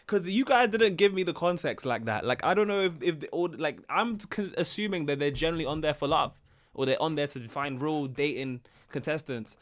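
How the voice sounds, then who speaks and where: A man's voice: a little high, fairly quick. A British man in his twenties with a British accent, giving casual, incredulous reaction commentary. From Britain. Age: 20s. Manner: animated, incredulous, laughing. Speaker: reaction video host.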